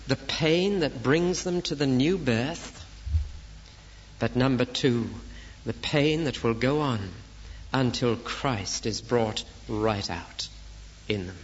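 A man's voice: medium pitch, a little hiss or hum. A man preaching a Bible study sermon, earnest and pleading, explaining scripture like a teacher. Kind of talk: expository sermon. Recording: dull lo-fi tape recording.

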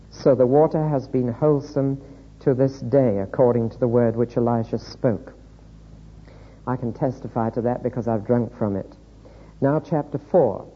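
A man preaching a sermon, reading scripture aloud in a measured, deliberate way. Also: medium pitch, husky. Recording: echoey hall, dull lo-fi sound.

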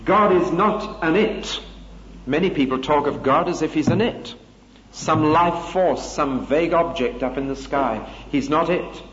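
An older man preaching an expository Bible sermon, deliberate and emphatic, slowing down to stress key phrases. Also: on the high side, a little hiss or hum. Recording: dull lo-fi recording in a reverberant hall.

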